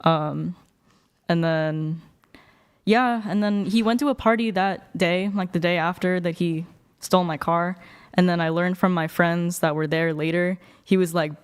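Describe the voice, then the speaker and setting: A woman's voice: fairly low pitch, steady tone, normal speed, smooth. A young woman guest on a dating talk panel, telling a long personal story in a rambling, casual way with lots of fillers and swearing.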